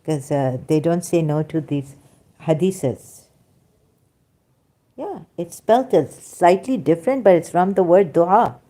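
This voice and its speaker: Casual stream host, woman, middle-aged; unhurried, mellow tone, emphatic with fillers. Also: lowish voice. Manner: animated, emphatic, frequent fillers. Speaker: livestream host reading chat. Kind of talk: casual livestream commentary.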